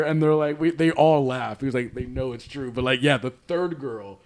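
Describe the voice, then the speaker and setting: A man's voice: mid-range voice, moderate pace. A young man co-hosting a casual podcast chat, rambling with lots of fillers and restarts. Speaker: podcast co-host.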